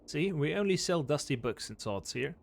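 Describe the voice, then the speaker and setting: A man's voice: on the high side, animated, moderate pace, gravelly. A man voicing a weary old cowboy who talks in a folksy drawl, reading game dialogue aloud.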